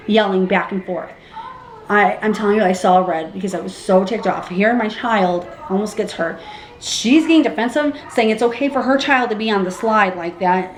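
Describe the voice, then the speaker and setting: A young pregnant woman vlogging casually, animated and acting out what people said with big jumps in her voice. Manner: animated, acts out quotes with big pitch jumps. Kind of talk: casual storytelling vlog. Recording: echoey room with faint background hum.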